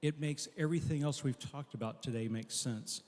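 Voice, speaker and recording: A man preaching a memorial sermon, telling a story earnestly and dropping soft at key lines. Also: mid-range voice, normal speed. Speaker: pastor at a memorial service. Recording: long echo of a large hall.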